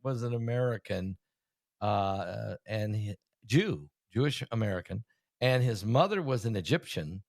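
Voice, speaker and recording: A man's voice: lowish voice, lively intonation, creaky, darkish tone, no room sound, clean studio sound. Chatty man hosting a casual conversation. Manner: chatty, questioning, halting with fillers. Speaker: host, preacher.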